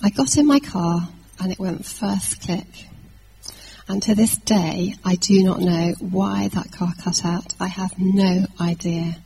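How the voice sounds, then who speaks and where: Woman preacher telling a lively story. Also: fairly low pitch, takes it slowly, gravelly, slight background noise, rough recording. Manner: lively anecdotal telling with fillers and restarts. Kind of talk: sermon storytelling.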